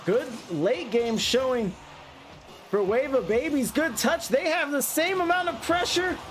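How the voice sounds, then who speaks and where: A man calling an online esports match play by play, getting excitable and yelling at the big plays. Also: very high voice, unhurried, faint music behind. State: out of breath. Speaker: esports caster. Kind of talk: play-by-play commentary.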